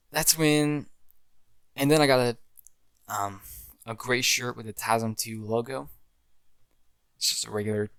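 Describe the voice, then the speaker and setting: A young man rambles through the story of an amateur fan film he made, restarting often and acting out lines from it. His low voice is smooth with vocal fry, and there is no room sound.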